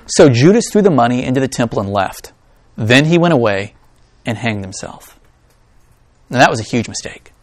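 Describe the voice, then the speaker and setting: A man with a medium-pitched voice speaks at a moderate pace, pausing often. He's a pastor preaching a sermon, reading scripture aloud before turning to his congregation in an animated, joking way, full of asides and jokes.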